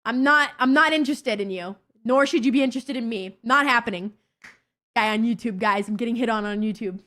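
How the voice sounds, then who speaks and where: A young woman streamer chatting casually with her viewers, blunt, excitable and swearing constantly. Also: a little high, fairly quick. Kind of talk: casual livestream chat with viewers.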